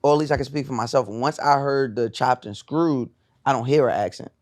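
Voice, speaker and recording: A man from New York co-hosting a podcast, animated and jokey in casual chat. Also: medium pitch, a little fast, no echo, studio quality. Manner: animated, jokey, breaks into playful put-on voices. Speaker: podcast co-host.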